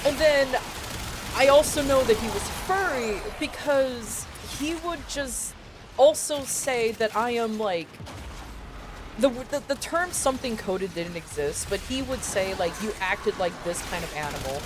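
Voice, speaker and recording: A woman's voice: a little high, background noise. Profane, chatty woman streamer. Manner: animated and profane, with laughs and quick asides. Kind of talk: casual storytelling on a game stream.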